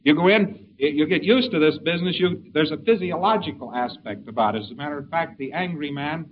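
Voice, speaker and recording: Man, informal lecture, folksy, rambling, wry asides, slightly high voice, faint background hiss. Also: a little fast. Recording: dull lo-fi recording with faint hiss.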